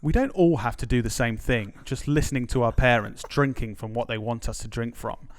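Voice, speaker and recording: A man voicing a defiant advert announcer who sells to teenagers in a rebellious, preachy pitch. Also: a little fast, no room sound, lightly acted.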